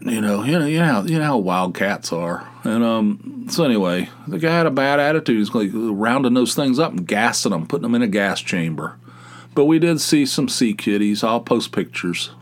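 Middle-aged guy rambling on his podcast, lowish voice, keeps restarting, comically fed up. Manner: rambling, repeats himself, comic exasperation. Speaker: podcast host. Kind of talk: casual comic monologue.

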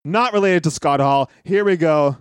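A man's voice: on the high side, moderate pace, clear, resonant tone, dry recording. A man co-hosting a wrestling podcast, chatting casually and playfully, running promos and jokey impressions. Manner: playful, doing goofy impressions. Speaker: podcast co-host.

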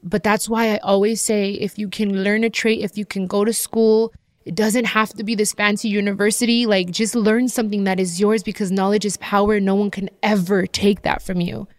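A woman's voice: medium pitch, little pitch movement, moderate pace, dry recording, studio quality. A woman in her thirties talking candidly to her viewers, heartfelt and emotional as she shares a personal story. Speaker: vlogger sharing personal story.

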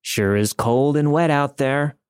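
A man voicing a clean-cut stranger who sounds smooth and eerily insistent, with a dry, close sound. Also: a little high, a little slow, no room sound, pitched above the performer's own voice, close to an everyday voice. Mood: creepily friendly. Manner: smooth, then demanding and forceful.

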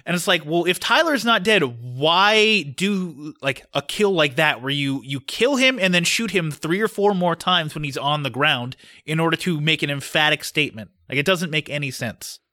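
A man's voice: on the high side, animated, normal speed, hardly any pauses, sharp tone, no echo. A young man co-hosting a casual film podcast, blunt and ranting, swearing freely. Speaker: podcast co-host. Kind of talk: casual film review chat.

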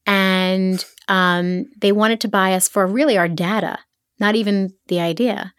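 A middle-aged woman from the Philadelphia area, a podcast guest, chatting casually and telling stories with quick asides. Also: medium pitch, clean tone, no room sound, studio quality. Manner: animated storyteller, quick asides. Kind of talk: casual interview chat.

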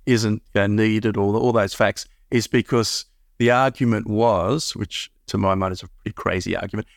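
A man's voice: lowish voice, fairly even intonation, moderate pace, gravelly, no room sound, clean studio sound. A middle-aged Australian man, a guest on an interview show, explaining at length with many restarts and fillers. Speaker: math curriculum founder, guest. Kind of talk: casual interview talk.

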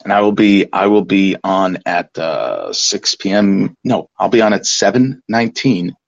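A man on a live podcast stream, trading deadpan jokes with the host in casual chat. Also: deep voice, a little slow, vocal fry, no room sound, highs cut off. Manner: deadpan, joking. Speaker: guest on the livestream.

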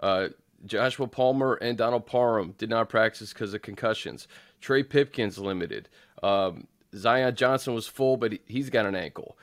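A man's voice: on the low side, normal speed, no echo, studio quality. A man hosting a sports talk show, often restarting his sentences as he runs through team news. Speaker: host.

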